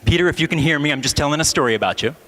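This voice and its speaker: A man's voice: on the high side, rapid-fire, fairly bright tone. A man from Ohio, a pastor in his thirties, preaching a sermon as a wry, self-mocking personal story in a large church sanctuary. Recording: long hall reverb in a church.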